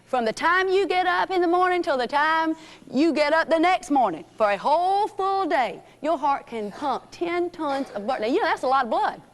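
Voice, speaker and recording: A woman's voice: sits high, expressive, moderate pace. A woman teaching a children's fitness class in a gym, encouraging and calling out names and commands. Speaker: physical education teacher.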